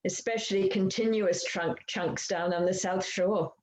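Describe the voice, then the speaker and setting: A woman interviewer on a video call, asking questions in a measured, earnest way. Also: mid-range voice, fairly even intonation, darkish tone. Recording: echoey room sound.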